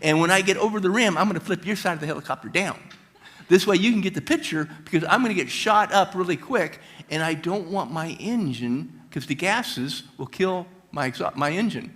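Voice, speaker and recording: A man voicing a brash, swaggering helicopter pilot who talks loud and fast. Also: high-pitched, voice pushed up. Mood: cocky. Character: brash daredevil male helicopter pilot, cocky.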